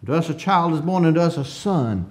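A man preaching a sermon in an emphatic cadence, stretching out phrases, swelling on key words and often clearing his throat. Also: fairly high pitch, animated, quick pace, darkish tone.

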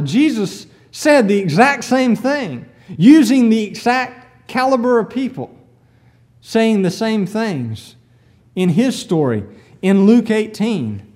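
A male preacher telling a story in a sermon, with an animated manner and rhetorical questions. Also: high-pitched, takes it slowly.

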